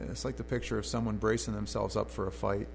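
A man's voice: on the low side, flat delivery, fast talker, vocal fry, slight background noise. A man preaching a conversational sermon in a church, reading scripture aloud and then explaining it in plain talk.

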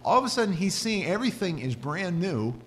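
Male pastor preaching, lively swinging delivery, long church reverb, faint hum. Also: high-pitched, a little fast. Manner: animated storytelling, voice rising and dropping. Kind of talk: sermon.

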